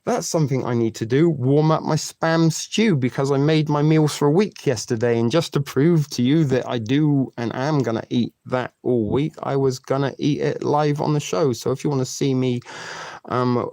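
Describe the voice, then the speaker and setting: A man's voice: medium pitch, normal speed, mellow, no echo. A man in his forties hosting a live stream, chatting casually and crudely joking with his viewers. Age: 40s. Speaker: livestream host.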